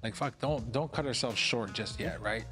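A man who is a comedian and organizer, guesting on a casual show and talking in a lively way, laughing and swearing freely. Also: mid-range voice, normal speed, faint music behind. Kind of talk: casual chat.

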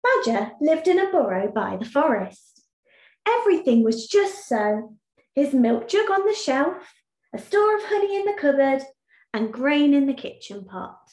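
A woman teacher reading a storybook aloud in an expressive, sing-song way, then explaining a task in an online lesson. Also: sits high, measured pace. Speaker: primary school teacher. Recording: echoey room.

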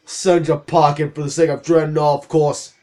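A smug, pompous villain from a video game speaks with a put-on British accent, as a man reads him aloud. The voice sits lower and more deliberate than ordinary talk, with a slightly high, bright edge. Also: level tone, lightly acted. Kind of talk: reading game dialogue in voices.

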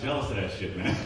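A man's voice: medium pitch, bright, forceful tone. A man in his thirties performing a live stand-up set in a comedy club, talking in a loose, profane, conversational way. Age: 30s. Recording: roomy live club sound from a distance, crowd noise.

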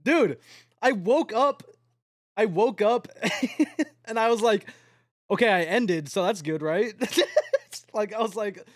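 A young man talks to his stream late at night, his voice sitting high for a man. He rambles, swears freely and gets excitable. The sound is dry and close, with no room around it. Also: takes it slowly, long pauses, no echo.

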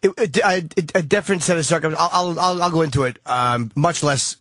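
A man's voice: on the high side, fairly quick, fairly bright tone, dry recording. A male radio co-host in casual chat, stumbling over restarts as he speaks.

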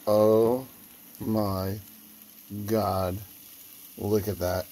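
Casual cooking vlogger, male, unhurried and gravelly, jokey asides, faint room noise. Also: on the low side, little pitch movement, dark tone. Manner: joking, rambling, talks to viewers. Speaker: host of a home cooking video. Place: home kitchen.

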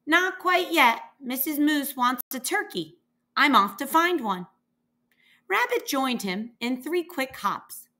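A woman reading a children's picture book aloud, slowly and expressively, giving the animals their own voices. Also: high voice. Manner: lively character voices, slow and expressive. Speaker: reader.

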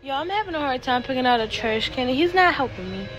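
A woman's voice: high voice, lively intonation, fast talker, over music. A young woman vlogging casually to camera, frank and exasperated, cursing freely. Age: young adult. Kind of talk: casual vlog talk to camera.

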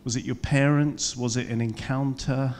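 A man's voice: medium pitch, steady tone, normal speed, darkish tone, a little hiss or hum. A man hosting a live interview on stage, asking fluent, enthusiastic questions. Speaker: interviewer, host. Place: museum event hall, live audience. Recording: long reverb of a large hall.

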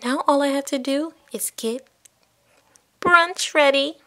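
A woman's voice: sits high, takes it slowly, fairly bright tone. A woman voicing the lead doll in a toy play video, cheerful and a little bossy.

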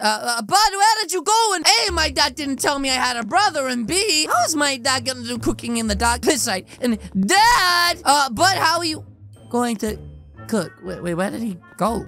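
A woman hosting a role-play gameplay video, chatty and excitable, calling viewers guys. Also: sits high. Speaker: gaming video host. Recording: game music behind.

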